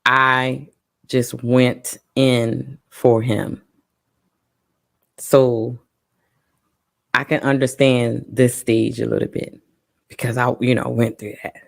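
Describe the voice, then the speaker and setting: A woman co-hosting a parents' talk show, telling a personal story in an emotional, halting way with many pauses and restarts. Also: very deep voice, little pitch movement, vocal fry. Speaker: parent co-host. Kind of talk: casual personal testimony.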